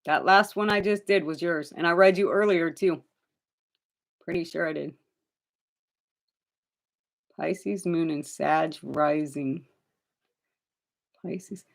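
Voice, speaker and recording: A woman's voice: sits low, slow pace, creaky, pauses often. A woman giving live tarot readings to viewers, chatty and direct, addressing them by name and calling them honey. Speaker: tarot reader.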